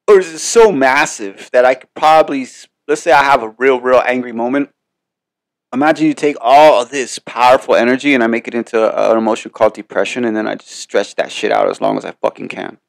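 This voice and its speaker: A man's voice: medium pitch, a little fast, vocal fry, no echo. A man hosting a podcast, giving a casual motivational monologue in a rambling, emphatic way full of swearing. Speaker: podcast host.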